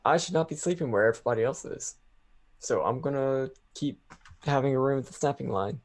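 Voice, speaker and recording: A man's voice: medium pitch, fairly quick. A man taking part as a player in a tabletop role-playing game, hesitant and prone to stammering.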